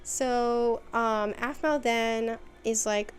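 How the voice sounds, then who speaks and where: A woman's voice: fairly high pitch, moderate pace, a little mellow. A young woman hosting a casual recap video, telling the story in a rambling, filler-heavy way. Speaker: video host.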